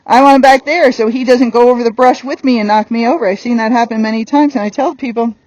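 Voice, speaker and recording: A woman's voice: on the high side, steady tone, quick pace, darkish tone, no room sound, low-quality recording. A woman horse trainer giving a hands-on lesson while working a horse on the ground, blunt and firm.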